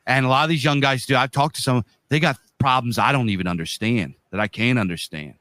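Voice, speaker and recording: A man's voice: medium pitch, fairly quick, fairly bright tone, dry recording. A man in his thirties or forties co-hosting a podcast, talking bluntly in casual chat with lots of profanity and slang. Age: 30s to 40s. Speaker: podcast co-host.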